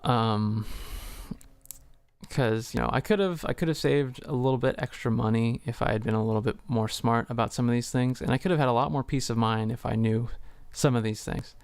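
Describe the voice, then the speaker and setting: Speaking at a normal speed with a medium pitch, this man has vocal fry and a slightly mellow, clean tone, captured in a dry recording. He chats casually on a home livestream, full of fillers and occasional swearing, voicing both people in a conversation he describes as keys click in the background.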